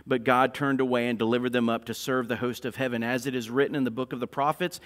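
A male pastor preaching a sermon, swinging between loud, fervent declarations and hushed, intense passages. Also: mid-range voice, fairly even intonation, fast, hardly any pauses. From North Carolina, USA.

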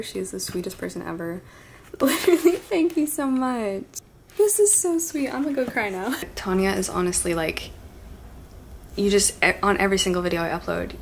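A woman chatting casually at home as a booktube vlogger, gushing and excitable, with gasps and soft asides. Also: medium pitch, slight background noise. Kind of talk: casual unboxing chat.

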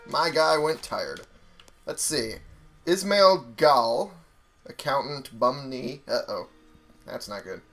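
A man's voice: medium pitch, animated, takes it slowly, fairly bright tone, faint music behind. A young man casually commenting on a video game he is playing, talking to his viewers and swearing freely. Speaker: gaming YouTuber.

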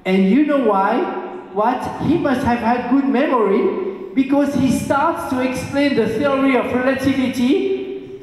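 A man's voice: extremely high pitch, recorded from a distance. A man giving a public lecture to a hall audience, engaging the listeners with questions and an anecdote. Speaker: guest lecturer.

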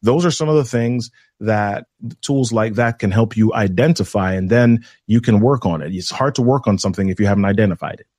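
A man guesting on a podcast as a communication trainer, explaining things in a measured way with deliberate pauses. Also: on the low side, darkish tone, no room sound, studio quality. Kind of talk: instructive podcast conversation.

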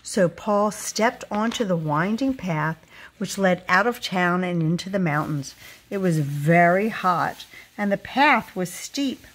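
A woman reading a children's picture book aloud, with expressive storytelling delivery. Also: fairly low pitch, slow.

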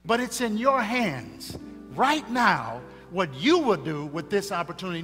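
A man preaching a funeral sermon, dramatic, swinging between hushed tones and loud calls. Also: high-pitched, animated, moderate pace. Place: church funeral service. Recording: reverberant hall with faint music.

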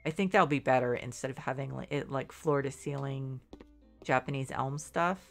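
With an extremely low voice and vocal fry, a congested middle-aged woman gives casual gameplay commentary at normal speed while streaming, rambling, doubting herself, and frequently starting over. Faint music plays behind her.

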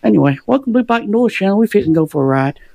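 A man's voice: high-pitched, lively intonation, racing, gravelly. A man with a Southern Georgia accent, rambling through a casual motorcycle vlog in a joking, folksy way. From Southern United States. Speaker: motorcycle vlogger. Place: outdoors on a motorcycle. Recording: loud wind and engine noise.

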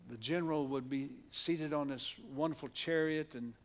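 A man's voice: on the high side, normal speed. A man with an Oklahoma accent preaching a sermon in a church, speaking earnestly with frequent restarts and repeated words. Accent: Oklahoma, Southern US. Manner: earnest preaching with frequent restarts, leads the congregation in call-and-response. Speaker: pastor. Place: church sanctuary.

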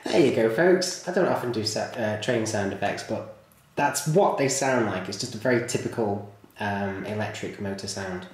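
A man's voice: fairly low pitch, moderate pace. A man chatting enthusiastically as he reviews a model train, with rambling asides. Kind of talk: casual hobby video review. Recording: very echoey room, faint noise.

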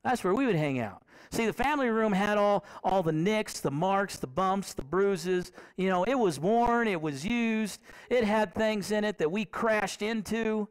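Preaching in a smooth, high voice with wide swings in pitch, a man addresses his congregation as if in conversation. His animated sermon is full of rhetorical questions to the listeners and phrases repeated for emphasis.

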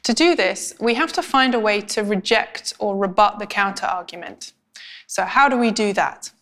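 A woman teaching academic writing in a clear, measured, scripted explainer style. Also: medium pitch, a bit bright. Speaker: language instructor.

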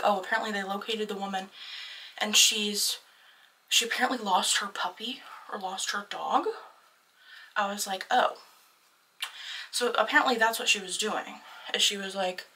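Chatty young woman, bright voice. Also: medium pitch, distant mic, low-quality recording. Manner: chatty, lots of "like" fillers, excitable. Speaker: vlogger. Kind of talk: casual storytime chat.

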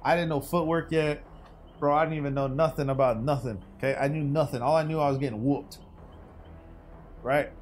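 A young man streaming a game, chatting loosely with his viewers in slangy banter that swings from hype to low mutters. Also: steady tone, brisk, pauses often. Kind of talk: casual gaming stream commentary.

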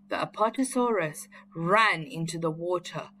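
A woman reading a children's story aloud in a clear, expressive way. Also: on the low side, slow pace.

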